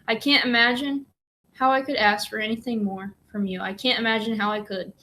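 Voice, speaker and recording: A woman reading the lines of a quiet, calm, tearful mother in a storybook. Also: fairly high pitch, brisk.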